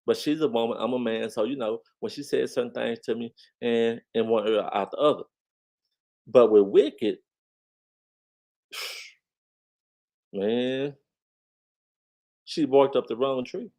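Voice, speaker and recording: A man in casual commentary talks straight to his audience, repeating his points over and over. He pushes his voice up in pitch and loudness whenever he stresses something, then settles back into an easy conversational tone. His voice sits at an average pitch for a man. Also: slow, pauses often. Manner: emphatic, repeats phrases, addresses viewers directly. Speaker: commentary channel host. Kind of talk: casual commentary on online drama.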